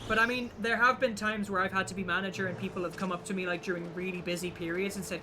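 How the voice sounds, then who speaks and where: A man's voice: high voice, steady tone, fast talker, noisy background. A young man from the UK, chatting casually and bluntly while streaming a game, rambling and swearing freely. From United Kingdom. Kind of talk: casual chat while gaming. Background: game music.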